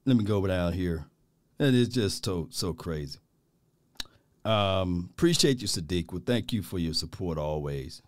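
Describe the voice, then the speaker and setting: On a livestream, a male sports talk host with a low voice reads viewer chats, unhurried and with no room sound. He is animated and exasperated, drawling informally, repeating phrases and laughing often.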